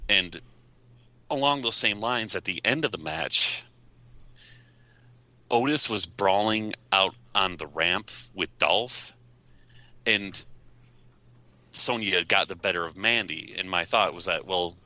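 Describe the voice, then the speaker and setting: A low-voiced man weighs a wrestling match in a measured, thinking-aloud way. His tone is bright and forceful. The sound is dry and a little dull. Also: dry recording. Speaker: wrestling podcast panelist. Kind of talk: casual wrestling discussion.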